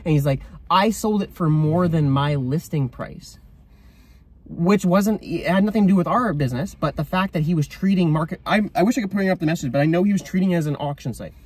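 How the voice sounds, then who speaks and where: A young man talks fast and bluntly, reliving a confrontation in casual storytime chat. His voice has a husky, slightly rough edge, and he quotes himself with fired-up conviction. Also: fairly high pitch, darkish tone, dry recording. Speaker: reseller vlogger.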